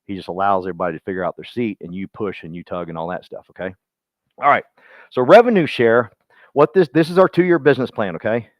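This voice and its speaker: Speaking quickly in a voice on the low side, this team leader gives his real estate agents a meandering, down-home motivational talk, addressing people by name. The sound is dry, dull and low-fidelity.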